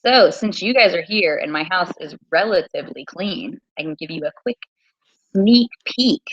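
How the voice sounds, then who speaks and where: A woman teacher hosting a casual quiz livestream from her small home, chatty and repeating things slowly. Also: lowish voice, lively intonation, fairly bright tone, breathy edge, no echo, muffled recording.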